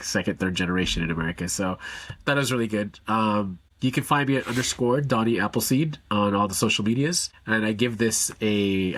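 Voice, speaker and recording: A man's voice: on the low side, fairly bright tone, no echo. A man co-hosting a film podcast, chatting casually and upbeat, with many fillers. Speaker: podcast co-host. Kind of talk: casual film review chat.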